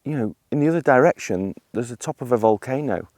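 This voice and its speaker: A middle-aged man, a landscape photographer, talking through his shots outdoors on a hillside, with excited, breathless bursts of wonder. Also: mid-range voice, fast talker, dry recording, studio quality. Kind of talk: outdoor vlog narration.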